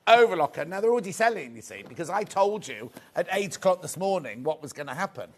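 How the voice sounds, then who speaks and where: A man's voice: high voice, sing-song, fast talker. A man presenting a live sewing sales show, chatty and rambling, grumbling good-naturedly at himself. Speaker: shopping channel presenter.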